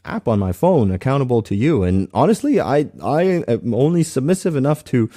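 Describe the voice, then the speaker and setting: A man sharing a personal faith testimony in an earnest, halting way, often restarting his sentences. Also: mid-range voice, sing-song, warm tone.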